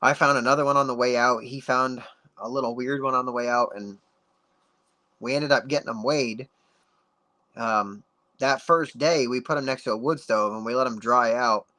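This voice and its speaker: Bright-voiced man telling a story. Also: medium pitch, moderate pace. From United States. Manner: animated, acts out dialogue with many "like"s. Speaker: podcast guest. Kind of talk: casual storytelling.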